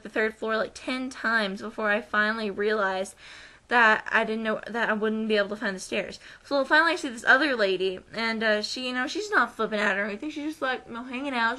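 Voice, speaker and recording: A young American woman vlogging, telling a story casually and acting out the voices of the people in it. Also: a little high. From United States. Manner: animated, acts out quoted voices.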